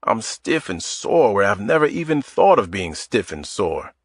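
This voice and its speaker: A man voicing a joking, easygoing man in his mid-forties in an audiobook, low and close. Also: big pitch swings, measured pace, no room sound. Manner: wisecracking, easygoing. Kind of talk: audiobook character voice.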